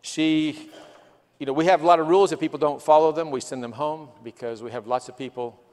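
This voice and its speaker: A man's voice: a little high, fairly even intonation, brisk, a little mellow. Earnest man preaching in a reverberant church. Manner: earnest storytelling, quoting people, swells with emotion. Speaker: guest missionary. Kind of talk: missionary testimony sermon. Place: church sanctuary.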